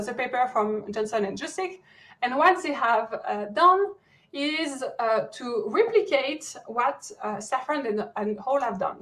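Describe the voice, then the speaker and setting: A French woman with a French accent gives an academic lecture as a guest over a video call, her voice on the high side and fairly bright. She often searches for words, with many fillers and restarts, and the recording is rough.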